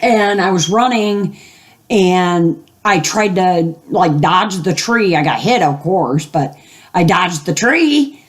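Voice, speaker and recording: An older woman, a gaming video host, tells a long story casually at home, rambling with fillers and acting out the voices of the people she quotes. Her voice is lowish with lively intonation, and she takes it slowly.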